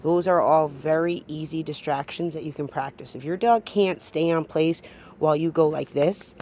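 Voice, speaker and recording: Speaking at a moderate pace in a warm tone, a woman with a low, deep-set voice demonstrates dog training hands-on. Her steady explanations are interrupted by brief, firm commands to the dog, and a slight hiss or hum can be heard.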